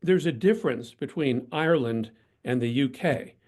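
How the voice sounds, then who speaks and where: An older man, a guest in an interview, telling self-deprecating anecdotes in a reflective, steady way. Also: mid-range voice, normal speed. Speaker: guest, PR professional. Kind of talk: storytelling in interview.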